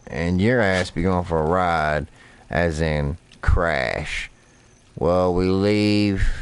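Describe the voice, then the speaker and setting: A man's voice: low-pitched, clear, resonant tone. A man streaming a fishing game, telling rambling, profane stories while he plays. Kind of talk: casual gameplay commentary.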